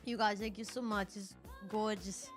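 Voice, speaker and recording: A woman's voice: mid-range voice, steady tone, moderate pace, over music. A woman chatting on a live stream as a guest, gushing over a gift and laughing through tears. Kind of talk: emotional live-stream chat.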